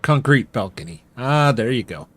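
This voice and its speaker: A man's voice: mid-range voice, animated, normal speed, a bit bright. A man giving casual gameplay commentary and chatting with viewers, joking and chuckling often. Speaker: game streamer. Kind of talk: casual gameplay commentary while reading chat.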